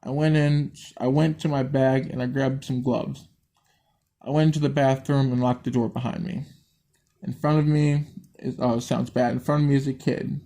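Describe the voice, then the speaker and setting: A man's voice: medium pitch, little pitch movement, normal speed, mellow. A man reading a violent horror story aloud who keeps stumbling, restarting lines and swearing at his own misreadings. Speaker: story reader.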